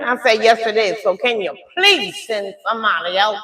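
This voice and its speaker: Older woman, high animated voice, dramatic storytelling. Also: moderate pace, reverberant. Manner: dramatic, chatty, addresses viewers as y'all. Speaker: live streamer telling a story.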